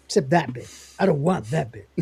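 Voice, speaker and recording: Lively woman acting out scenes. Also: sits low, normal speed, vocal fry, husky, no echo. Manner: laughs often, acts out lines animatedly. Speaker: podcast co-host reviewing episodes. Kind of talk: casual review chat, retelling scenes with quoted voices.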